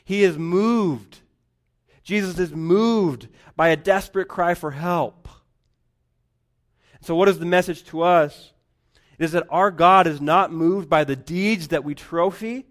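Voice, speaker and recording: A man preaching a sermon, rising to loud emphatic lines and dropping to near-whispers. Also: fairly high pitch, slow. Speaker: pastor.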